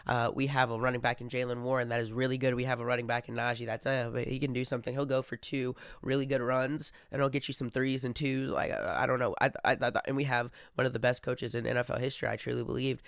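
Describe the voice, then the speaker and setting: A man's voice: medium pitch, little pitch movement, fast, hardly any pauses, a bit bright, clean tone, no echo, clean studio sound. A young man hosting a casual monologue, rambling with many fillers and restarts. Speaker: podcast host.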